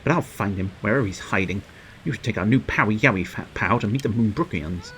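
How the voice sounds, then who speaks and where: A man reading a cheerful, determined young woman in a video game, upbeat and brisk. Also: lowish voice, animated, a bit bright, slight background noise, rough recording.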